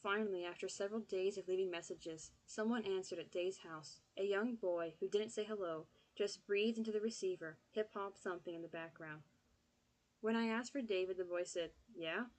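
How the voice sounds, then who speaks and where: A woman reading an audiobook in steady, scripted narration. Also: mid-range voice, normal speed, low-quality recording.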